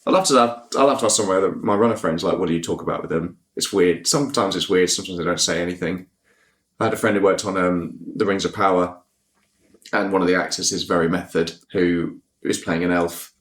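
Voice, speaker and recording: A man's voice: low voice, fast talker. A man co-hosting a podcast, telling chatty anecdotes in a casual chat and laughing often. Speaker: podcast co-host.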